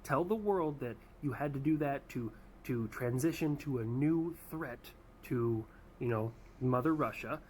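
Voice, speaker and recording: A man's voice: mid-range voice, measured pace, a little hiss or hum, close to an everyday voice. A man voicing America personified as a brash, cocky male who talks crudely.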